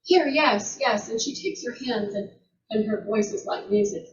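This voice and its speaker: A woman storyteller retelling a folktale in an unhurried way, repeating words and restarting phrases as she goes. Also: medium pitch, gravelly, mellow. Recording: roomy, distant, dull lo-fi sound.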